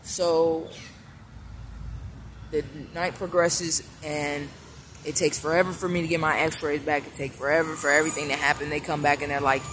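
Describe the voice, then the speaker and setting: A man's voice: a little high, normal speed. A man telling a personal story in a casual vlog, blunt and profane, often restarting and repeating himself. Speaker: vlogger. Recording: clear steady background noise.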